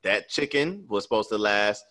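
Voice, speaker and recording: A man co-hosting a podcast, animated and emphatic, swearing freely in casual chat. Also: lowish voice, normal speed. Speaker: podcast co-host.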